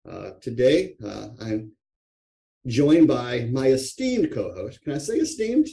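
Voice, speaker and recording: A male podcast host with a mellow, dark tone and a middling pitch. He chats casually and jokes with his guests. He fills his pauses with "uh" and often restarts his sentences. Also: big pitch swings, vocal fry. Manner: joking, with frequent "uh" fillers and restarts. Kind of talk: casual chat.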